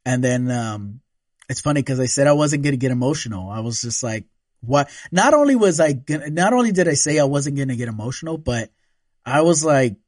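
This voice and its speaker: A man's voice: medium pitch, no room sound, clean studio sound. A man telling a personal story in casual chat. He swears a lot and laughs often. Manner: relaxed, profane, laughs often.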